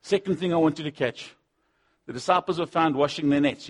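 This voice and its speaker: A man preaching a sermon, swinging between loud punchy lines and low asides, acting out the voices he quotes. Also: brisk. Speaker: pastor.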